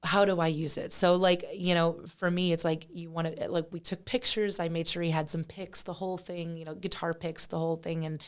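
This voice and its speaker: Brief: woman from Pennsylvania, guest musician, low-ish voice, animated chatty storytelling. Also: a little fast, few pauses, smooth. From Pennsylvania, USA. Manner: animated, chatty, many fillers. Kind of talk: casual interview storytelling.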